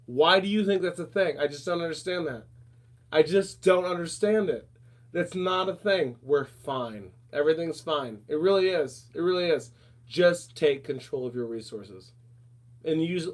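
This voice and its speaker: A man hosting a casual talk show, animated and rambling, calling listeners darling and honey. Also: fairly high pitch, normal speed. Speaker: podcast host. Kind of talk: casual chat.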